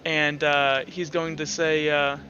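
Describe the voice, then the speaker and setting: A male game master narrating a tabletop game in a casual, halting way. His voice is bright and slightly high. The recording is a bit dull, with faint music behind. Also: flat delivery, slight background noise. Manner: casual, filler-heavy narration.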